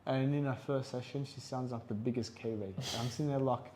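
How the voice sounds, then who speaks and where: Guy cohosting a podcast, tells stories all animated, slight background noise. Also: medium pitch, fast. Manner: animated storyteller, acts out quotes. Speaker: podcast co-host. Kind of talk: casual chat.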